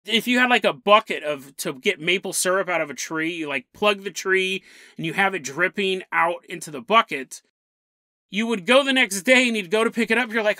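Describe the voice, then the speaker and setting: A man's voice: high-pitched, fairly quick, bright, forceful tone, no echo. A man hosting a casual storytelling podcast, jokey and laughing often as he tells the tale. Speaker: podcast host.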